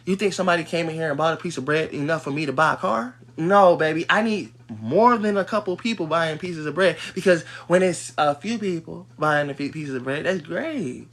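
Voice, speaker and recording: A fairly high-voiced man rants on a livestream. His delivery is heated and profane. It drops to low mutters, then swings up into loud, sharp outbursts. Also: brisk, few pauses. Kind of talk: livestream rant.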